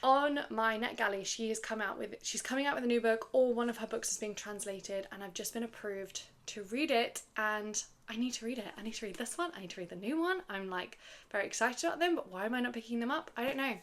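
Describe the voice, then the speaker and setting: A woman's voice: a little high, quick pace. Casting: woman, book vlogger, casual rambling chat to camera, easy laughs. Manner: chatty, rambling, with fillers and little laughs. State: slightly out of breath.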